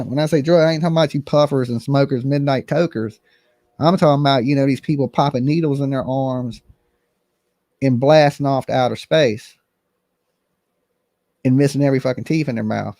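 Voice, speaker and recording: A man's voice: medium pitch, darkish tone, no room sound, clean studio sound. A man hosting a casual commentary stream, blunt and rambling, swearing freely. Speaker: channel host.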